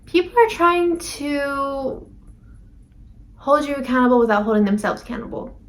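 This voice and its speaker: A woman's voice: sits high, animated, moderate pace. A woman giving a casual tarot reading to camera, rambling with lots of fillers and self-corrections. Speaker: tarot reader.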